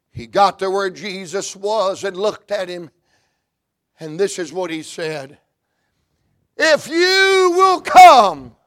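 A man preaching a sermon, fervent and rhythmic, rising into shouts and chanted runs of phrases. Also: high-pitched.

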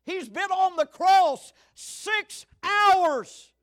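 Old preacher guy in his 70s, really high bright voice, fiery sermon going loud then hushed. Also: extremely slow. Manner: fiery, swings from shouting to hushed.

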